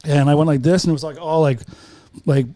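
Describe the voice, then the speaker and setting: Telling rambling, profane stories as a guest on a podcast, this man speaks briskly in a steady voice on the high side. A crowd can be heard in the background of the podcast studio, and he acts out the voices of the characters in his casual storytelling.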